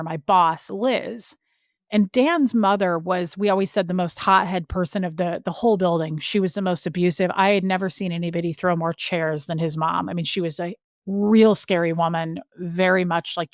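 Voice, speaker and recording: A woman's voice: lowish voice, no room sound, clean studio sound. A woman guest telling a personal story in a casual, earnest way, full of "like" fillers. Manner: earnest and emotional when recounting. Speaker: podcast guest.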